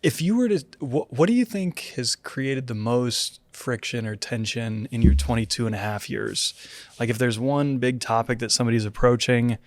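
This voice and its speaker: A man's voice: mid-range voice, expressive, moderate pace, no room sound. A man hosting a church podcast, asking questions and wrapping up in an upbeat, joking way. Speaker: podcast host. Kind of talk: podcast conversation.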